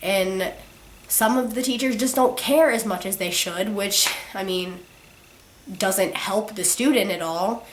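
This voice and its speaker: A teenage girl vlogger ranting casually to camera, her sick voice cracking, filling every pause with "like". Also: medium pitch, a little hiss or hum. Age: teens. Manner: ranting, constant "like" fillers. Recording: roomy echo.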